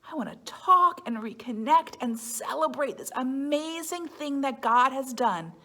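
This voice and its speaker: Storybook Jesus, a grown man bursting with joy and urgency, read by a high-voiced woman. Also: unhurried, heavily acted. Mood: excited. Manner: excited, warm, urgent. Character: joyful risen Jesus, adult man, eager to reunite.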